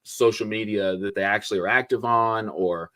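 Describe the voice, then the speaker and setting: A male host with a somewhat low voice, chatting casually on a live stream. He rambles in an upbeat way and leans on fillers as he thinks aloud. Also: fairly even intonation, moderate pace, fairly bright tone.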